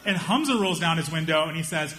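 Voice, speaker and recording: A young man doing stand-up storytelling, animated and acting out the people in his story with raised voices. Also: fairly high pitch, quick pace. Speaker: stand-up comedian.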